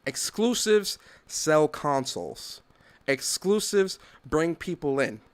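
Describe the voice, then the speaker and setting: A man's voice: fairly high pitch, big pitch swings, takes it slowly, smooth. A man hosting a podcast, ranting in opinionated solo commentary, swearing freely and acting out little dialogues. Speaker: podcast host.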